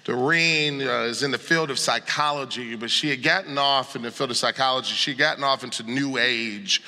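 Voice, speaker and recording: Man, pastor, sermon, animated, sarcastic retellings, long hall reverb. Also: medium pitch, a little fast. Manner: animated, acts out scripture with sarcasm. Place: large church sanctuary.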